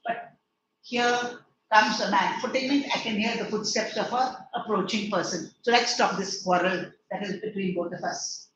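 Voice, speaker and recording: In an online lecture, this English teacher speaks at a moderate pace in a mid-range, slightly bright voice. She goes through the play line by line, restating every verse and testing her class. The audio is lo-fi, echoey and distant, carrying a faint hiss or hum.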